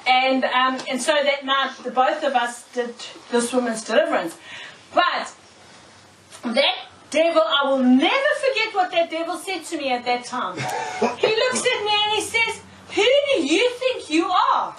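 A woman preacher giving a sermon, telling stories in an animated way, often laughing and checking in with "okay?". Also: high voice, moderate pace, slight background noise. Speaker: preacher, prophetess. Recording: echoey room, mic far off.

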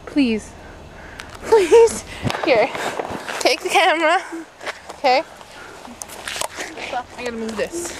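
A woman's voice: sits high, big pitch swings, slow, pauses often. A woman goofing around at an outdoor bus stop, giggling, bossing the friend holding the camera and swearing a lot. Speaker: vlogger clowning for a camera. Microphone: handheld camcorder filmed by a friend. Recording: noisy street with passing cars.

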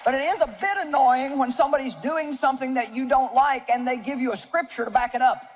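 A woman's voice: sits high, fairly quick, a crowd in the background. Older woman in her 70s, from Missouri, preaching on stage: folksy, joking, plain-spoken, with faint room noise behind. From Missouri, United States. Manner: folksy, humorous storytelling with audience asides. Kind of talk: sermon to a live audience. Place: stage before an audience.

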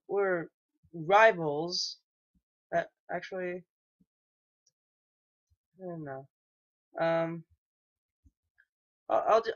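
A man's voice: sits high, fairly bright tone. Hesitant rambling young gamer guy. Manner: hesitant, rambling, many ums and restarts. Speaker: gaming YouTuber. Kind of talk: casual let's play commentary. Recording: dull lo-fi home mic.

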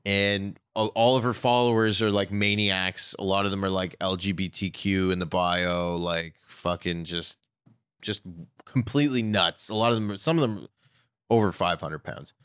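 A man's voice: sits low, normal speed, a bit bright, smooth, no echo, studio quality. A comedian guest on a podcast, a man chatting candidly in long, rambling anecdotes full of fillers. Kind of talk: casual podcast chat.

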